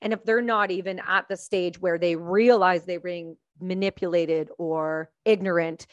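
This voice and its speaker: A woman from Canada hosting a conversational interview, earnest and animated as she thinks aloud. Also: lowish voice, measured pace, no echo, muffled recording. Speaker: podcast host.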